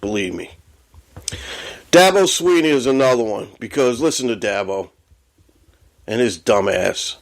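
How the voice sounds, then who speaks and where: A man's voice: medium pitch, expressive, unhurried, creaky, long pauses, a little hiss or hum. A man hosting a sports podcast, ranting angrily and swearing a lot as he gets worked up. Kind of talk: profane sports rant.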